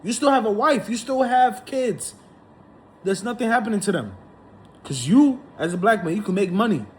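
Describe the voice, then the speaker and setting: A man's voice: high-pitched, lively intonation, moderate pace, slight background noise. A man delivering an indignant, heated monologue, repeating himself and hammering his points. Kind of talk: ranting monologue to camera.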